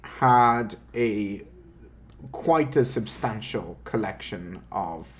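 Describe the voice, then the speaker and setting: A man's voice: lowish voice, very slow. A man co-hosting a podcast, talking through news stories in a wry, casual way, with many fillers and frequent laughs. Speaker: podcast co-host.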